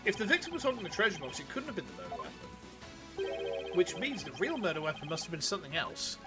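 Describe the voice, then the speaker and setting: An earnest young defense lawyer presses his case, read by a man in his own voice. The delivery is high and animated, with game music loud in the background. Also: a little fast. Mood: determined. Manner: earnest dialogue reading.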